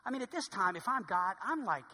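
Male pastor, very high and bright husky voice, animated sermon delivery with a long hall echo. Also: a little fast. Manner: animated, swings from loud exclamations to hushed tones.

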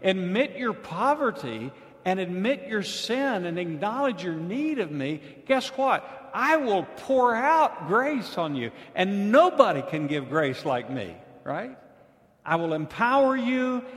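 A preacher voicing God, fervent and emphatic. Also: male voice, high voice, big pitch swings, slow, voice pushed up, exaggerated voice. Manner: emphatic, promising. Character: God as a firm, caring father speaking. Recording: long hall reverb.

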